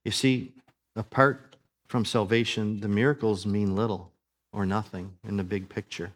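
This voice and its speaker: A man, a pastor, preaching a sermon in a church, building to emphatic peaks and dropping to a soft prayer. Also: lowish voice, fairly even intonation, moderate pace. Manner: rising to emphatic preaching, then praying softly.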